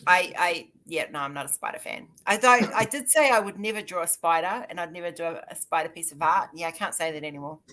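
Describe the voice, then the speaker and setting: A woman's voice: fairly low pitch, fast, hardly any pauses, sharp tone, low-quality recording. An Australian woman hosting a live art stream, chatting casually and telling rambling stories with plenty of laughter. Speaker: live stream host and artist. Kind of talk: casual chat.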